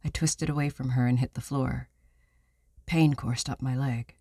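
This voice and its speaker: A man reading a novel aloud in the first person, measured and somber, recorded on a close studio mic. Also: medium pitch, steady tone, darkish tone, no room sound. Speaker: audiobook narrator. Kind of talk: scripted first-person narration.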